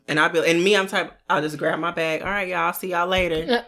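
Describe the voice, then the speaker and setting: A young woman co-hosts a podcast in loose, casual chat, her voice sitting a little on the low side. She laughs often and slips into her relatives' voices as she tells stories. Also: fairly even intonation, fast talker, a bit bright. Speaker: podcast co-host.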